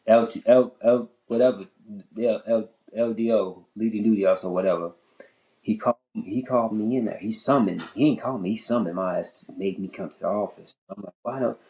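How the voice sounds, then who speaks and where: Animated profane man telling a story. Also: a little fast, rough recording. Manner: animated, profane, pitch jumping high when worked up; repeats and restarts phrases. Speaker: podcast host. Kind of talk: casual storytelling chat.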